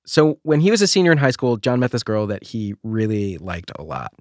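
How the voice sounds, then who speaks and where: Lively, animated male podcast host. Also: fairly low pitch, a little fast, no echo, clean studio sound. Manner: playful, jokey. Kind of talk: casual chat and narration.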